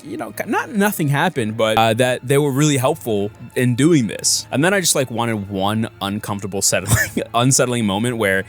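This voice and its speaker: Animated man talking through his comic. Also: medium pitch. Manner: animated, many filler words. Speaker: comic artist vlogger. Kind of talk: casual vlog narration.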